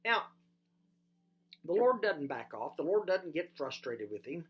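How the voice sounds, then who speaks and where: A pastor giving a sermon, asking listeners direct questions and swinging from loud emphasis to quiet, low delivery. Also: big pitch swings, a little slow, noisy background.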